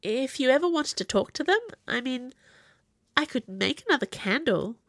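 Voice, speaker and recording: A spirited young female cadet who speaks proudly and brightly, played by a woman reading aloud. The reading is dry and close to the mic. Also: sits high, expressive, moderate pace, no room sound, voice pushed up.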